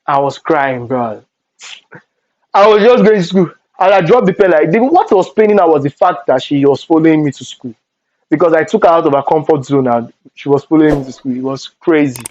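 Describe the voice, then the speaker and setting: Lively Nigerian young man telling stories. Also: fairly high pitch, fairly quick, no room sound, dull audio. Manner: animated storytelling with Pidgin asides. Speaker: vlogger. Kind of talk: storytime vlog.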